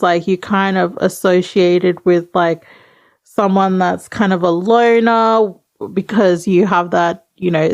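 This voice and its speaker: A woman's voice: mid-range voice, gravelly, a little mellow, no room sound. A woman co-hosting a podcast in casual chat, rambling and hesitant with many fillers. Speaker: podcast co-host.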